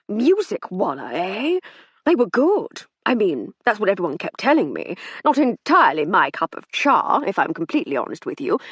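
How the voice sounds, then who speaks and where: A man's voice: sits high, fairly bright tone, husky, no room sound, full character voice. A woman reading an audiobook, voicing a pompous, breezy upper-class army captain who blusters and drawls.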